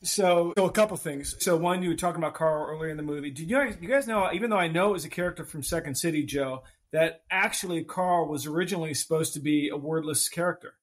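A man with a somewhat high voice joins a casual movie podcast as a guest. He shares trivia in a relaxed way, with a few "um"s and "so"s. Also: fast, hardly any pauses.

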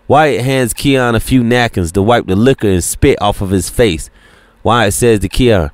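A man's voice: mid-range voice, moderate pace, no echo. Man reading an audiobook, dry sound. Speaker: audiobook narrator. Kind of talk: scripted narration.

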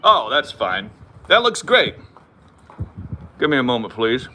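Californian man in his thirties, livestream host, animated and bright, drifts and jokes at his own expense. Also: medium pitch, a little slow, slight background noise. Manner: rambling and self-mocking, reads viewer comments aloud. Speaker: channel host. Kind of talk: casual livestream chat. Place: home, moves about the property. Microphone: phone.

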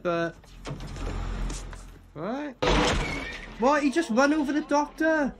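Animated British man reacting to a film. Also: extremely high pitch, slow pace, long pauses, a little hiss or hum. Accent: British English. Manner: animated, swearing, laughing, repeats film lines. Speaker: movie reaction host. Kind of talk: casual film reaction commentary.

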